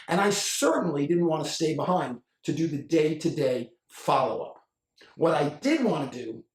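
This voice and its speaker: A man giving a storytelling talk, animated and acting out each exchange. His voice is fairly high and very lively in pitch. The sound is echoey and picked up from some distance. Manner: animated, acts out dialogue. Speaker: speaker and author. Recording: roomy echo, mic at a distance.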